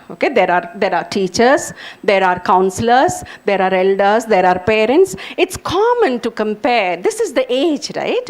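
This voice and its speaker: Animated woman lecturing students. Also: fairly high pitch. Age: middle-aged. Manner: animated, earnest, addresses students directly. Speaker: English professor giving a talk. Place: lecture hall.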